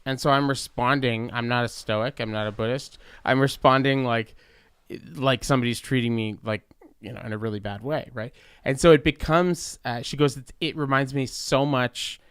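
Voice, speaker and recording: A man hosts a podcast in easy, casual talk, his voice smooth and resonant. He rambles as he tells his story and restarts his sentences often. The sound is dry and close. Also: medium pitch, moderate pace, fairly bright tone, no room sound. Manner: rambling, many fillers and restarts. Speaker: podcast host. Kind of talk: casual conversation.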